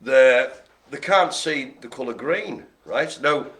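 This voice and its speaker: Man, bingo host, jokey rambling banter, very animated pitch. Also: takes it slowly. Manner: jokey and rambling, talks to a helper off-mic. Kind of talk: live-streamed bingo banter.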